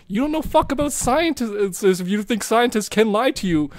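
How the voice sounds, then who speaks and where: A man's voice: sits high, lively intonation, fairly quick, hardly any pauses. A young man co-hosting a podcast in casual chat, laughing easily and ranting bluntly with swearing. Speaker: podcast co-host.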